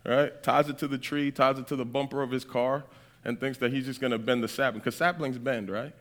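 Bright-voiced animated male preacher. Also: medium pitch, normal speed. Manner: animated, keeps checking in with "right?". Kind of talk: storytelling sermon.

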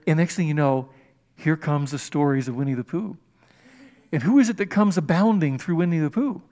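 An older man preaching a sermon, animated and conversational, acting out little scenes of dialogue as he teaches. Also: on the high side, fairly quick. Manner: animated, acts out dialogue with rising and dropping voice. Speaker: pastor.

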